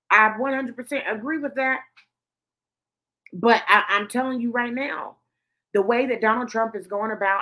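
A woman's voice: mid-range voice, fairly bright tone. A woman hosting a commentary show, ranting heatedly and swearing emphatically. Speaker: host.

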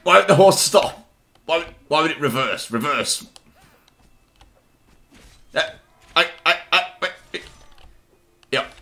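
A high, very bright man with a gravelly edge plays an officer over game voice chat. He talks slowly and stammers, bluffing through mock-formal orders. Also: lively intonation. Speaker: gamer commanding an artillery crew.

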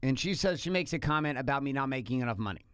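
A man co-hosting a relationship podcast, telling a story in a blunt, animated way and swearing casually. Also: medium pitch, racing, smooth, no echo. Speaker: podcast co-host.

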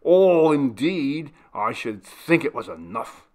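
A sour old butler, put on by a male storyteller rails at everyone with loud indignation and contempt. His voice is gravelly and raised above plain speech. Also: medium pitch, takes it slowly. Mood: indignant, scornful. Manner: scornful and indignant, railing loudly.

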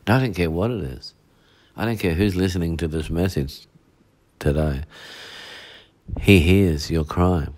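A male pastor, preaching a midweek sermon with heavy repetition and rhetorical asides. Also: rumbling low.

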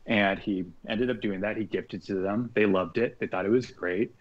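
Low-voiced man telling a story casually. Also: normal speed, dull audio. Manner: animated, acts out quoted speech, swears freely. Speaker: podcast guest, artist.

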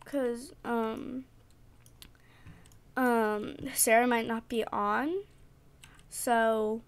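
A young woman giving excitable, rambling casual commentary while playing a game. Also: a little high, drawn-out words, clean tone. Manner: chatty, excitable, rambling with fillers. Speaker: gaming vlogger.

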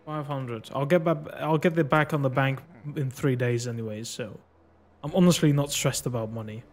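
A man's voice: medium pitch, moderate pace. A man streaming a video game, thinking aloud with casual, profane commentary and frequent laughs. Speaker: gaming streamer.

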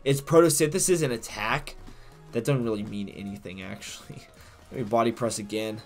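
A man's voice: lowish voice, moderate pace, soft background music. A man giving profane, trash-talking live commentary while he plays a competitive game, swinging between rage and jokes.

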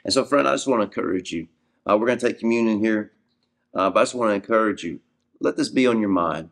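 A man's voice: on the low side, quick pace. A man in his forties, a minister, tells a personal healing story in an earnest preaching talk and repeats words as he starts his thoughts.

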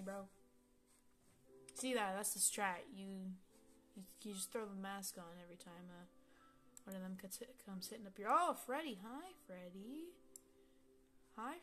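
A woman giving casual let's-play commentary, excitable, swearing and talking straight to the game characters. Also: medium pitch. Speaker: gameplay commentator.

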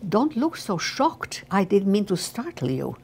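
A gentle, anxious young guard who talks softly and apologetically, voiced by an elderly woman reading from her memoir. His tone is low and earnest. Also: a little slow, a little hiss or hum. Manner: soft, pleading, apologetic.

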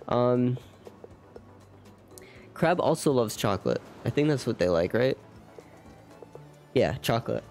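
A man's voice: mid-range voice, a little mellow. Young man, casual game streamer, rambling, self-deprecating, faint game music behind. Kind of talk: casual live game commentary.

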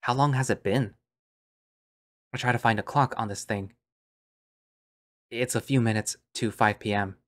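A man's voice: medium pitch, unhurried, long pauses. A man narrating an audio drama in first person, musing and understated.

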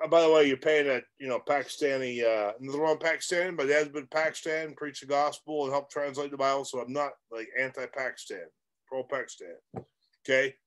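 With a fairly high pitch and a fairly bright tone, this middle-aged man delivers a direct-to-camera coaching talk aimed at real estate investors. He rambles emphatically and cracks self-aware jokes.

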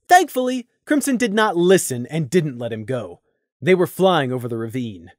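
A male narrator reads a fantasy story with dramatic, animated delivery, his pitch swinging widely. His voice sits a little high for a man. The recording is close and dry, with no room sound. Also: measured pace, dry recording. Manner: expressive, dramatic reading. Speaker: voice actor narrator. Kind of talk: audiobook reading of a fantasy story.

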